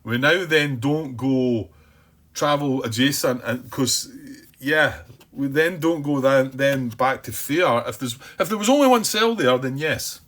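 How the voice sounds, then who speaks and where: A man playing a board game solo, thinking aloud in a hesitant way, repeating words, questioning himself and calming himself down by name. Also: medium pitch, measured pace. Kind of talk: thinking-aloud playthrough commentary.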